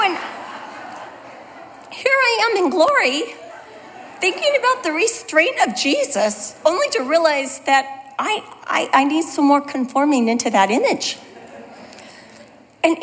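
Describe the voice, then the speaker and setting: High-voiced woman teaching the Bible. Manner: conversational, self-deprecating storytelling. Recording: long hall reverb.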